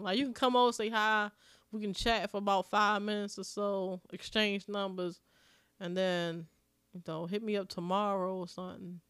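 A young woman from Maryland co-hosts a podcast, chatting casually and bluntly while she tells stories and curses freely. Her voice is medium-pitched, fairly bright, clear and resonant. The recording is dry and studio quality.

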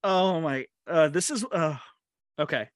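A man's voice: a little high, a little slow, no room sound, clean studio sound. A man co-hosting a casual movie podcast, chatty and hesitant, often restarting his sentences and laughing. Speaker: podcast co-host. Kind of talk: casual movie-discussion chat.

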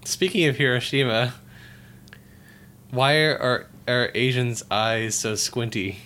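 Slow-talking male co-host. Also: mid-range voice, pushed and bright. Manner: joking asides, laughing. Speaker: podcast co-host. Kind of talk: casual podcast banter.

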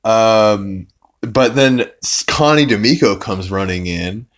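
This young man, voice on the low side, takes his time recapping an episode of the podcast he hosts. He wanders casually, with plenty of fillers and restarted sentences.

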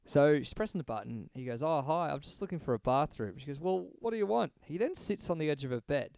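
A man co-hosting a podcast retells a story in casual chat, swearing freely, in a gravelly, animated voice. He talks fast at a fairly high pitch, and the recording is dry.

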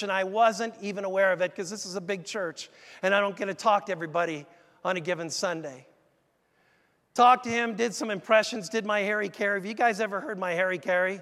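A middle-aged man preaching a sermon, telling a story in a lively, conversational way and speaking straight to the congregation. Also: sits high. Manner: animated, conversational, addresses the congregation directly. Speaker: pastor. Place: large church. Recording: echoey church hall.

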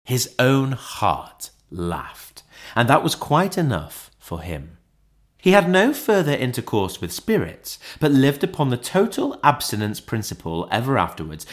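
A man narrating a classic audiobook in an expressive, theatrical way. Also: medium pitch.

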